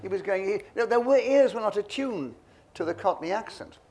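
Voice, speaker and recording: A man's voice: high voice, a little fast. An older man being interviewed, telling anecdotes and acting out the voices of people in his stories. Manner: lively storyteller, acts out voices. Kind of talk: reminiscing anecdotes.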